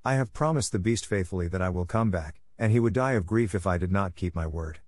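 A man's voice: low-pitched, a little fast, no echo, studio quality, lightly acted. A man voicing a kind, earnest young woman in a storybook reading. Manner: soft, earnest.

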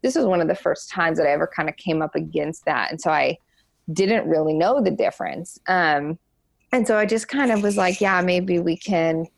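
A young woman speaks as an interview guest, her voice sitting on the lower side with a noticeable gravelly fry. She tells her story frankly and openly, halting often and filling gaps with "like" and "um". The sound is dry and close, with no room echo. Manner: halting, lots of "like" and "um" fillers; frank and open. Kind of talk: candid personal storytelling.

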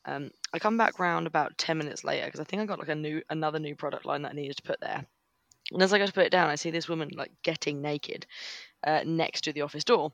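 Gravelly man telling crude stories. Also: fairly high pitch, fairly even intonation, fast talker, a bit bright, no echo. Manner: crude, wry storytelling with laughs. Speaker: podcast co-host. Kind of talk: casual storytelling chat.

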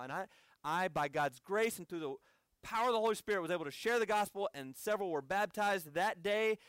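A man's voice: sits high, animated, brisk, fairly bright tone, no room sound, studio quality. An American man preaching a sermon as a conversational story with asides to the audience. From United States.

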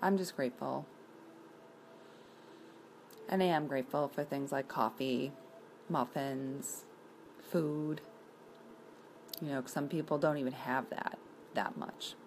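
A woman talks in a loose, rambling way. Her voice is low and full of vocal fry, and she is blunt, swearing here and there. Faint room noise sits under her voice. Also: fairly even intonation, slow, pauses often, darkish tone, low-quality recording. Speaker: vlogger presenting a coloring page. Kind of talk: casual chat.

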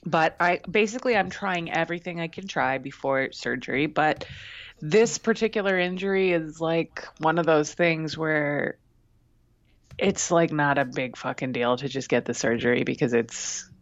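In casual podcast chat, a female co-host tells a candid, self-mocking story. She speaks low at a moderate pace, and the dry, slightly dull recording has no room sound.

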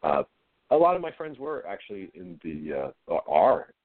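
A middle-aged man, an actor being interviewed, talking in a low-key, halting way with frequent restarts. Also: huge pitch swings, no room sound. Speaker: actor guest. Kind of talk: casual interview talk. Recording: dry, phone-like line.

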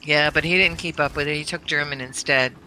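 Middle-aged woman, bright voice, animated storyteller who laughs a lot. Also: low-pitched, brisk, a little hiss or hum, rough recording. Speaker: guest storyteller, mother. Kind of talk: casual storytelling.

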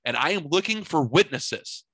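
A man telling a long story in a casual, profane and animated way, acting out his own reactions loudly. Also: fairly high pitch, normal speed, slightly rough, no echo. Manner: animated, profane, theatrical retelling.

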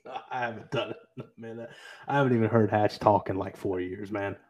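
A man's voice: on the low side, steady tone, moderate pace, a little mellow. A young man co-hosting a podcast, chatting casually and telling loose stories. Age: young adult. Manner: loose, laid-back storytelling. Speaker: podcast co-host. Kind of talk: casual interview chat.

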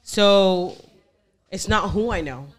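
A middle-aged woman from Texas telling a story in casual podcast chat, animated, laughing often and repeating phrases. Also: medium pitch, takes it slowly, crowd noise.

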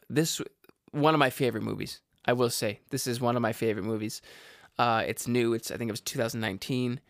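A man's voice: medium pitch, vocal fry, dry recording, clean studio sound. A man casually rambling through movie recommendations, stumbling over words and cracking jokey asides. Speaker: vlogger reviewing movies.

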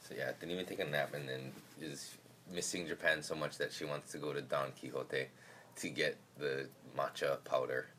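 A man's voice: rumbling low, steady tone, moderate pace, a bit bright, a little hiss or hum. A man hosting a podcast, chatting casually and joking, swearing now and then, recorded in a car. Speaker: podcast host. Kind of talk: casual chat.

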